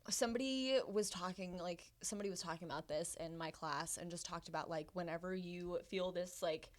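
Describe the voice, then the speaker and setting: A woman's voice: lowish voice, brisk. A woman guest on a casual podcast chat, talking in loose, rambling sentences full of fillers.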